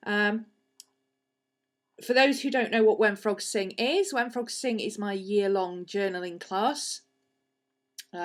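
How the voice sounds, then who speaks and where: A woman with a slightly low voice hosts a relaxed live stream from her home desk. Her nose is stuffed up from a cold, and she drifts from point to point with easy fillers. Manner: chatty and rambling, with fillers. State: congested, sniffly head cold. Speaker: livestream host and art teacher. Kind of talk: casual live-stream chat.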